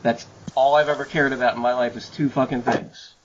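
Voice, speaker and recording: A man's voice: mid-range voice, steady tone, fairly quick. A man hosting a podcast who chats casually and swears freely, over muffled audio with faint hiss. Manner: profane, storytelling. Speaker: podcast host. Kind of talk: casual chat.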